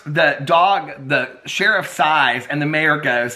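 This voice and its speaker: A middle-aged man vlogging casually, excitable and chatty, laughing often and using lots of fillers. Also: on the high side, normal speed, hardly any pauses, slight background noise. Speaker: vlogger reviewing a graphic novel. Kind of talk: casual chat.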